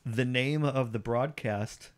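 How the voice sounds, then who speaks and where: A man hosting a casual chat in his own studio, eager and quick to laugh and jump in. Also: medium pitch. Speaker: studio host. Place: studio, sitting on couches.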